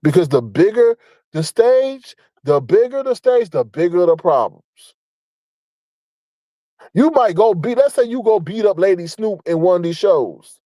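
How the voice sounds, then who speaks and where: A man's voice: high voice, animated, measured pace, dark tone, dry recording, poor audio. A man giving a blunt, profane commentary rant, scolding and mocking, repeating his points for emphasis. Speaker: online commentator. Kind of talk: ranting commentary.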